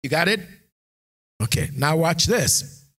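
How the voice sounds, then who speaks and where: A man preaching a sermon who reads scripture aloud and builds into shouted, sing-song exhortation. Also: a little high, lively intonation, takes it slowly. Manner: reads scripture aloud, King James phrasing. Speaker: pastor.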